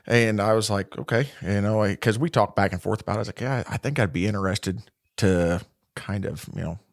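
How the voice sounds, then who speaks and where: Low-voiced Midwestern man telling a story. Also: a little fast, no echo, clean studio sound. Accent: Midwestern American. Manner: relaxed, rambling, many fillers and restarts. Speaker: podcast guest, corrections lieutenant. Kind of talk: casual storytelling interview.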